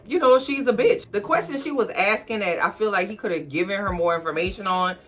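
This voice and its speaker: Tipsy lady chatting thru a tv recap, bright sharp voice, slangy, talks right at you. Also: medium pitch, a little fast. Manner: chatty, slangy, addresses viewers directly. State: tipsy from drinking. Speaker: TV recap host. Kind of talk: casual episode recap.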